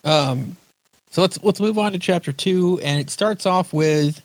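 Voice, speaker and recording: A man's voice: high voice, unhurried, no echo. Casual man recapping a comic. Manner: rambling, recaps scenes, acts out quoted lines. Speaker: podcast host. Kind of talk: casual chat about comics.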